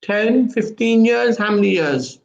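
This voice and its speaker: Guy hosting a live show, high voice, keeps repeating his questions, echoey room. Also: lively intonation, measured pace, vocal fry, dull audio. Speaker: host. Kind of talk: live radio interview. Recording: roomy studio echo.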